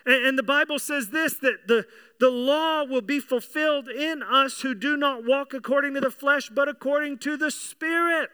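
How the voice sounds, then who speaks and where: A man's voice: very high-pitched, moderate pace, pushed and bright. A man preaching a sermon, earnest and conversational, often repeating his words and putting questions to the congregation. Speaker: pastor.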